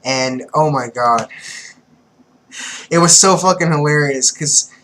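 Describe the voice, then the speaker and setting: A young man giving casual, excitable manga commentary, swearing freely and laughing often. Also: a little high, slow pace, low-quality recording. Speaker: manga reviewer.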